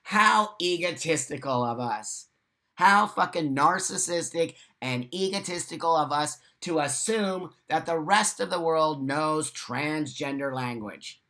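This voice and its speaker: A man's voice: a little high, animated, a little slow, sharp tone. An American man hosting a live morning chat, reading viewer comments and answering in blunt, profane rants. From United States. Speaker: livestream host.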